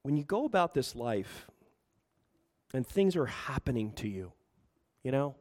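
A man's voice: mid-range voice, big pitch swings, unhurried, a little mellow. A man preaching a sermon as pastor, asking the room rhetorical questions and acting out quoted voices. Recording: reverberant hall.

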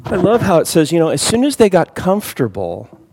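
A man teaching a conversational Bible study, emphatic and reading scripture aloud, often clearing his throat. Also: high-pitched, wildly swooping pitch, fairly quick, darkish tone, long reverb tail.

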